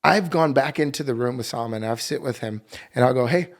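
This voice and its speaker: A man's voice: medium pitch, fast talker. A man, a guest on a podcast, earnestly telling a story about his family and acting out the dialogue. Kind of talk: casual conversation.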